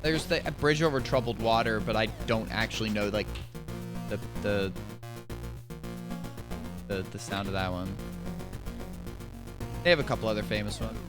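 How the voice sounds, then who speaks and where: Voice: mid-range voice, moderate pace, long pauses. A streamer chatting casually during a speedrun, swearing now and then and breaking into joking song. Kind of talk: casual chat while speedrunning. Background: game music.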